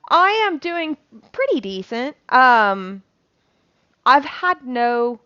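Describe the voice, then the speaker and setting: A woman's voice: high voice, bright, forceful tone, clear, resonant tone, no room sound. Rambling woman chatting while she cooks. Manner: rambling, frequent ums, swears casually. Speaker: cooking vlogger. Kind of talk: casual chat while cooking. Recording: dull lo-fi sound.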